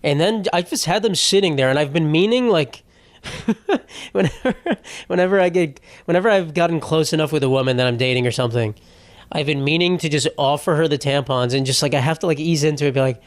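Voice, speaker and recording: A man's voice: on the high side, a little fast, no echo. A man hosting a solo comedy podcast, telling rambling, profane, self-mocking stories in casual talk. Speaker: podcast host. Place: home setup.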